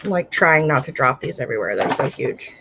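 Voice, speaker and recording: A woman's voice: very deep voice, lively intonation, fairly quick, vocal fry, dull audio, noisy background. A woman hosting a casual live-stream oracle card reading, calling her viewers my dear and my love while fighting allergies. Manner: warm-hearted, calls viewers my dear and my love. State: itchy eyes and sneezing from allergies. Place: home, live video stream.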